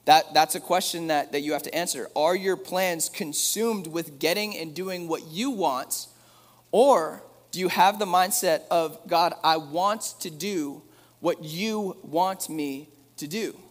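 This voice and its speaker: A man with a slightly higher voice preaches a relaxed, chatty sermon and drops in joking asides. His voice rings out with a long reverb tail, as if he were in a large hall. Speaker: pastor.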